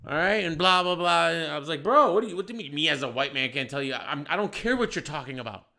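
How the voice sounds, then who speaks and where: A man telling a story in casual podcast chat, animated and profane, getting loud when he acts out shouting. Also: a little high, fast, gravelly. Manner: profane, slangy. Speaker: podcast host.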